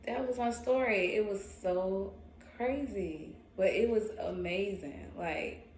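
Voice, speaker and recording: A young adult woman telling a story casually in a vlog, animated and slangy. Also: medium pitch, takes it slowly, a little hiss or hum. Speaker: vlogger. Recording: roomy echo, faint ambience.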